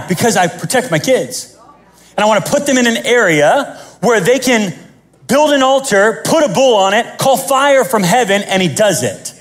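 A man preaching a sermon as pastor, animated and joking, acting out the scenes he tells. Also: high voice.

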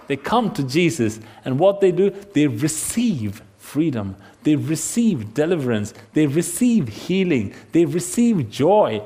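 A man preaching a sermon to a seated congregation. He asks rhetorical questions, acts out the voices in his stories and sometimes drops to a hushed tone for emphasis. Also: a little high, sing-song, unhurried, few pauses. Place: church congregation.

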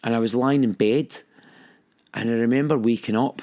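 A man's voice: medium pitch, steady tone, moderate pace, pauses often, darkish tone. A young man telling his own story candidly and with emotion. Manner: candid, emotional, acts out quoted voices. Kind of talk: personal storytelling.

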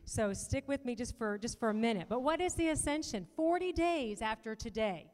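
A woman's voice: fairly high pitch, animated, normal speed, darkish tone. A middle-aged woman giving a sermon talk at a church panel, chatty with joking asides to the audience. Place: church auditorium. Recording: long reverb of a large hall.

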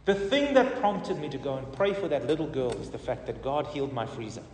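A middle-aged man, a pastor, telling a testimony in a sermon with animated storytelling that swings from loud to soft. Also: mid-range voice, a little fast, a little hiss or hum. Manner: animated storytelling, rising and falling in volume. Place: church hall. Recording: roomy hall reverb, distant mic.

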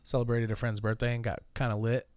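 A man co-hosting a casual podcast, answering in short, low-key replies. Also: level tone, fast talker, a little mellow, dry recording. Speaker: podcast co-host.

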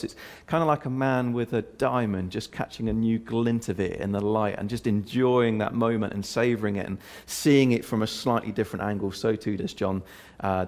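A pastor preaching and explaining a scripture passage in an earnest way, with frequent fillers and restarts. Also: male voice, on the low side, a little mellow. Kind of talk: sermon.

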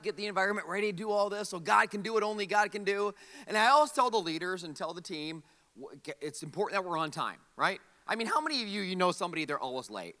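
A man in his forties preaching a humorous sermon, telling a story with comic frustration and quick asides to the audience. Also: sits high, bright, forceful tone, in a large hall. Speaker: pastor. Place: large church hall.

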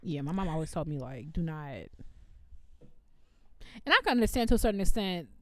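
A woman, co-hosting a casual chat and telling animated stories as a former music teacher. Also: lowish voice, rapid-fire, dry recording, clean studio sound. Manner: animated storytelling, quoting herself.

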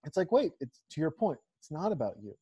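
A man's voice: fairly high pitch, big pitch swings, fast, warm tone, breathy edge. A man hosting a casual podcast, talking emphatically with crude jokes and riffs. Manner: emphatic, profane, riffing banter. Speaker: podcast host. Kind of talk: casual chat.

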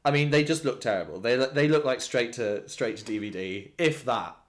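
A man co-hosting a podcast in casual chat, opinionated and animated, laughing often. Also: medium pitch, moderate pace. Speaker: podcast co-host.

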